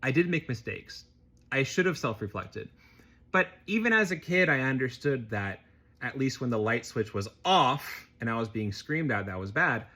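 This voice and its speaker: A man tells a personal story on his vlog and builds it into commentary. His voice is bright and forward, with a lively pitch that rises and falls as he talks. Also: moderate pace. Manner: expressive, animated storytelling. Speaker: vlogger.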